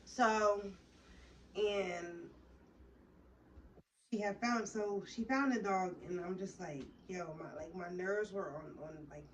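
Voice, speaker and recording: A woman's voice: mid-range voice, slow, pauses often. A young woman vlogger tells a heated, rambling, profane story in a casual way. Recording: distant mic with faint background noise.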